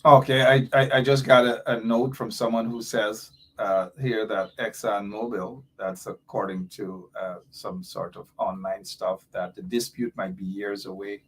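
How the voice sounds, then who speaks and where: A man's voice: on the low side, level tone, unhurried, hardly any pauses, husky. Impassioned man hosting a talk show. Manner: impassioned, rambling, reads out listener comments. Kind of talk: live call-in talk show commentary.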